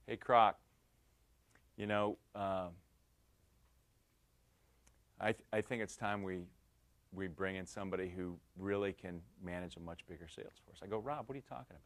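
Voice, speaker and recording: Middle-aged man, lower voice, animated lecture storyteller who slips into quoted dialogue, lots of restarts. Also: fast. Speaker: guest speaker. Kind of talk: lecture with anecdotes.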